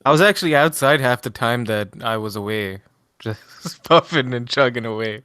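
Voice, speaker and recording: Deadpan college-age guy co-hosting. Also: medium pitch, normal speed, clear, resonant tone, no room sound, clean studio sound. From Pacific US. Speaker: podcast co-host. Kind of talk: casual podcast chat.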